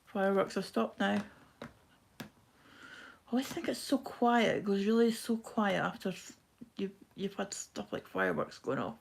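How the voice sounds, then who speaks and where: A woman with a broad Scottish accent chatting quickly and casually to viewers on a live craft stream while she stitches. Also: medium pitch, expressive, gravelly, slight background noise. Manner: quick-talking, chatty, self-deprecating. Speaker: craft livestream host.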